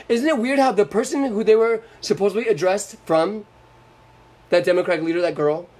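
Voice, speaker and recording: A man's voice: sits high, a little mellow. A young man from Florida hosting a live stream, ranting angrily about politics with lots of swearing and sarcasm. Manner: profane, combative, sarcastic. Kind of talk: angry political rant.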